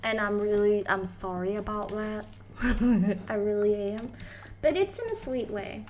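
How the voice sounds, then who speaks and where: A woman's voice: mid-range voice, unhurried, darkish tone. A woman streaming a horror game live, chatting with viewers, giggling and yelping when startled.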